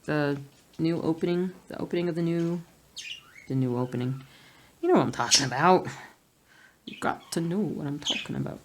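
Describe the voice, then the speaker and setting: Rambling low-voiced woman stitching at home. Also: moderate pace, long pauses. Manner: rambling, hums nonsense sounds. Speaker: cross-stitch vlogger. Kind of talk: casual chat while stitching. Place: home at night. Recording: noisy home recording with birds.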